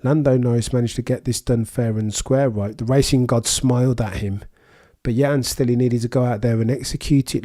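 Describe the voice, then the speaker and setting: Fairly quick and warm, with a medium pitch and steady tone, a young English man with a Birmingham accent hosts a live race watchalong. He chats casually with viewers, reads out comments and makes dry quips.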